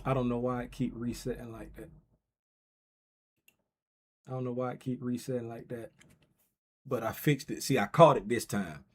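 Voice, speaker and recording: A man hosting a casual trading livestream, talking loosely and playfully straight to his chat, getting loud and excited as he calls a giveaway race. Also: medium pitch, moderate pace, long pauses, breathy edge.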